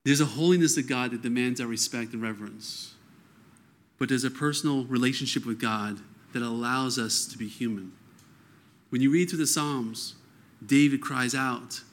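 Male preacher, mid-pitched, earnest conversational sermon style with animated quoted lines. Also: moderate pace. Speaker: pastor.

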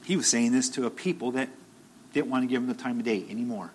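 A man's voice: medium pitch, fast, a little mellow, a little hiss or hum, low-quality recording. A man preaching a sermon in a conversational way, repeating phrases and rising into emphatic bursts.

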